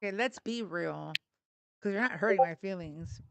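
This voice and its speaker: A woman's voice: on the low side, moderate pace, gravelly, background noise. A woman from Texas hosting a livestream, arguing politics bluntly and swearing freely. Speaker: livestream host. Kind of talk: heated political debate.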